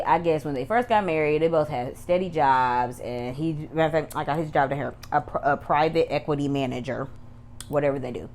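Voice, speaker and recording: A woman with a notably low voice gives a casual recap and review of a TV episode. She rambles, circles back, and lets her commentary turn heated. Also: darkish tone. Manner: chatty, rambling asides, grows heated. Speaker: YouTube TV reviewer.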